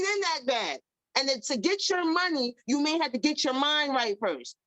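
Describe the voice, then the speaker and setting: A woman, hosting an emphatic, animated motivational talk. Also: high-pitched, dry recording, rough recording. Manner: animated, emphatic, repeats herself. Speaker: podcast host.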